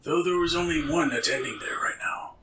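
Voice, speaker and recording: A man voicing a gruff male prison attendant, giving measured, formal replies. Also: fairly high pitch, background noise, voice pushed up, lightly acted. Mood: guarded.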